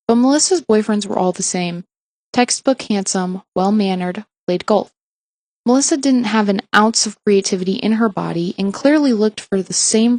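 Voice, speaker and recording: A woman reading a novel aloud as narrator, in an even pace with small slips and restarts. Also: medium pitch, no echo. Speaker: audiobook reader. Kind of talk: read-aloud fiction narration.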